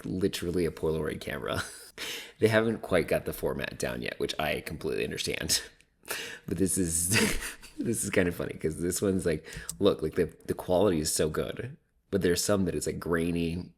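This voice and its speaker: A man's voice: sits low, breathy edge. A man casually commenting on a reality TV episode, chatty and laughing often, with lots of fillers. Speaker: reality TV recap host.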